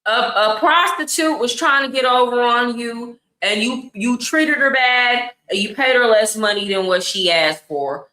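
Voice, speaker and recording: A woman's voice: on the high side, unhurried, hardly any pauses, bright, forceful tone, echoey room, rough recording. A woman, hosting casual commentary in a blunt, exasperated way and repeating her points for emphasis. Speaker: commentary host.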